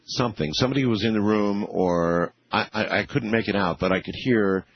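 Low husky radio host, amazed. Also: male voice, a little fast, no echo, highs cut off. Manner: hesitant, amazed, many fillers. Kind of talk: radio call-in interview.

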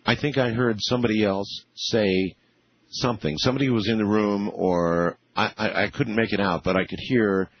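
A man's voice: lowish voice, steady tone, normal speed, breathy edge, no room sound. A man hosting a radio talk show, interviewing guests and reacting with amazement, often restarting his sentences. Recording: muffled lo-fi radio audio.

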